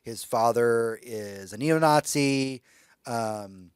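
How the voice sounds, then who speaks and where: A man's voice: medium pitch, slow pace, clean tone, dry recording, clean studio sound. A man co-hosting a podcast, talking loosely and enthusiastically, swearing casually. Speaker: podcast co-host.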